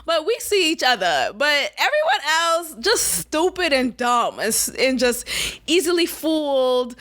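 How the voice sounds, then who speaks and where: A woman's voice: sits high, sing-song, unhurried, sharp tone. A woman hosting a podcast, giving blunt, sassy, profane commentary and mocking the people she quotes. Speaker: podcast host. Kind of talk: opinionated commentary.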